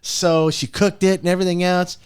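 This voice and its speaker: A man's voice: fairly quick, clean tone, no echo, clean studio sound. A man hosting a motivational podcast, talking with animation and telling stories with frequent laughter. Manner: animated, swoops pitch up and down for emphasis; storytelling, laughs often. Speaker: podcast host.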